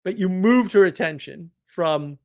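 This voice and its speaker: A man telling an anecdote in a casual monologue, animated, often laughing and full of fillers and restarts. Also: sits high, measured pace. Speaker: host.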